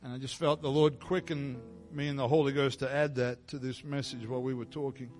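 Man preaching over soft music. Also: mid-range voice, steady tone, brisk. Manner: builds from quiet reflective preaching to loud fervent prayer. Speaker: pastor. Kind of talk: sermon. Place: church sanctuary. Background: soft instrumental music.

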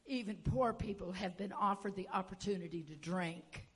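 A woman preacher giving an impassioned sermon, moving between hushed tones and shouting as she tells stories. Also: mid-range voice, normal speed, husky. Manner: storytelling with acted-out quotes.

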